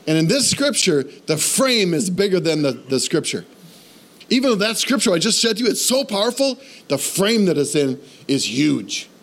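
Male pastor, higher-pitched voice, lively conversational sermon delivery with questions to the room. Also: moderate pace. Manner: animated, conversational preaching with questions to the congregation. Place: church.

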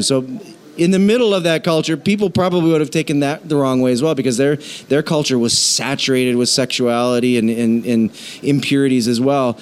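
A man preaching a sermon in a lively, conversational way, joking and asking the congregation questions. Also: a little high. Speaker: pastor.

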